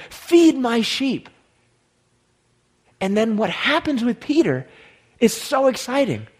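A pastor preaching a sermon, rising to loud emphatic lines and dropping to hushed, slow guided prayer. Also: male voice, high voice, breathy edge.

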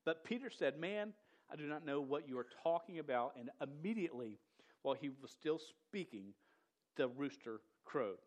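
A man's voice: on the high side, lively intonation, normal speed. A man preaching a sermon in a casual, slangy way, often stuttering and repeating the start of words. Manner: says "dude" and "y'all".

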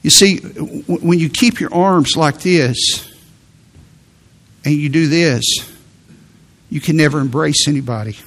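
A middle-aged male pastor delivering a sermon. His voice sits a little high for a man. He speaks earnestly and stresses points with sudden lifts. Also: measured pace, long pauses. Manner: earnest, emphatic preaching with sudden rises.

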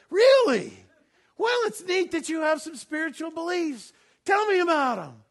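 A man pastor preaching a sermon to a congregation. He swings from loud, laughing bursts to low, solemn scripture reading. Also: expressive, a little slow, gravelly.

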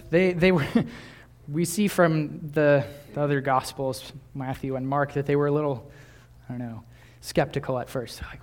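Young male preacher, mid-pitched, relaxed and conversational, chuckling now and then. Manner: conversational, with small laughs and restarts. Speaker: pastor. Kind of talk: sermon.

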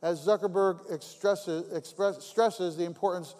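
A man's voice: high voice, steady tone, unhurried, a little mellow. A man preaching a sermon as pastor, talking conversationally and repeating phrases for emphasis. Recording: long hall reverb.

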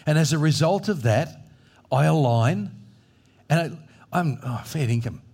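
Brief: middle-aged male pastor, higher voice, emphatic sermon delivery. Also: expressive, measured pace, creaky, darkish tone, slightly rough. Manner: emphatic preaching, acts out Bible voices.

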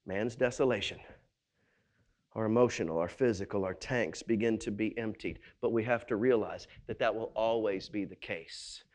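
A male pastor delivers a sermon that swings between loud, emphatic passages and low, quiet ones, firing off quick rhetorical questions.

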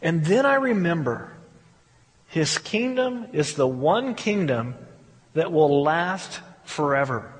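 Brief male pastor with a high voice, candid conversational sermon full of restarts, long hall echo. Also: very animated, takes it slowly.

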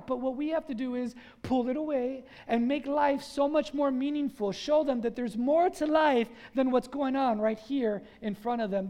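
High-voiced preaching man. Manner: lively preaching, call-and-response with the congregation; acts out scenes in quoted voices. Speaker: pastor. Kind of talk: sermon.

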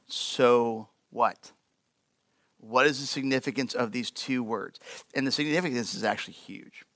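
Male pastor, casual animated sermon delivery, bright forceful voice, dry close sound. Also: mid-range voice, unhurried, no echo. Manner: conversational, animated, lots of fillers.

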